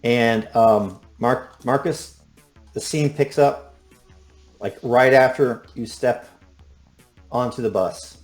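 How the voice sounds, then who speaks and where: A man's voice: mid-range voice, slow pace, soft background music. A man narrating casually as the game master of a tabletop game.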